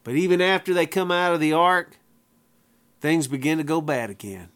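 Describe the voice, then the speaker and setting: A man's voice: a little high, lively intonation, moderate pace, fairly bright tone, clean tone. A man preaching a sermon, emphatic, repeating phrases for effect in plain folksy wording.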